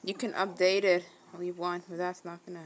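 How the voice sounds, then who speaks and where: A woman's voice: fairly low pitch, flat delivery, fairly quick, a little hiss or hum, poor audio. A woman giving casual, rambling reaction commentary, thinking aloud as she watches. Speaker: video reactor. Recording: video soundtrack music playing behind.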